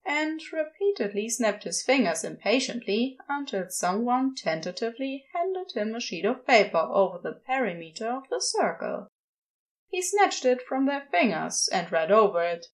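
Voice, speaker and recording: A woman narrating a comic story aloud with a wry, expressive delivery. Her pitch moves in lively swings while the overall level stays in a middle register. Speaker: podfic reader.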